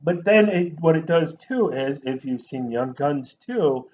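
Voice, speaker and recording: A man chatting over a movie on a podcast, his voice sitting a bit high, animated and quick to mimic lines. The sound is muffled with a faint hiss underneath. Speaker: podcast co-host. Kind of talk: casual movie review chat.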